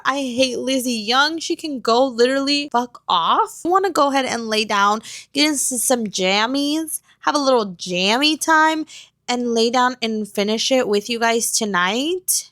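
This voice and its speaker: Young woman, twenties, casual book vlog on phone at home, gushy and dramatic, a touch high-pitched. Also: a bit bright. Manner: gushing, dramatic, swears freely. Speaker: book vlogger. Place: home, at night.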